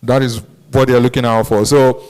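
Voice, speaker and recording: Male presenter, mid-pitched and smooth, talks a business audience through his points. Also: level tone, moderate pace, darkish tone, rough recording. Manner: explanatory, frequent "um" and "right?" tags. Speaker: e-commerce speaker at business masterclass. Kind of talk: conference presentation.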